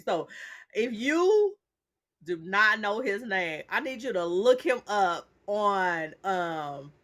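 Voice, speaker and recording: A woman's voice: mid-range voice, a bit bright. A middle-aged woman hosting a casual live chat, laughing often through her words and calling her viewers y'all. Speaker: host. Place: seated on a stool at home.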